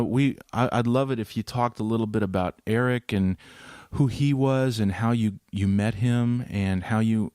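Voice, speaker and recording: A man's voice: on the low side, darkish tone, clean tone, no echo, studio quality. A man hosting an interview, talking in an earnest, rambling way with asides. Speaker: host. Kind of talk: podcast interview.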